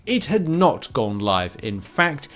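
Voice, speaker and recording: A man's voice: medium pitch, big pitch swings, takes it slowly, a bit bright. A man hosting a casual gaming news roundup, chatty and rambling, with frequent fillers and restarts.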